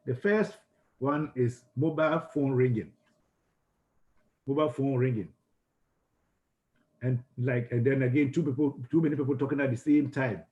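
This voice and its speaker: A man with a Ghanaian English accent teaches a class on communication. His voice sits at an ordinary middle pitch. He keeps repeating and restarting words, and he stops to ask his listeners questions. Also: mellow, muffled recording. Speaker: lecturer.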